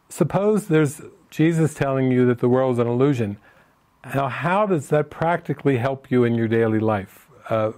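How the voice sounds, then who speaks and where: A man's voice: mid-range voice, a little mellow. A man leading a spiritual retreat session in an informal way, answering participants' questions and telling stories in which he acts out the people he quotes.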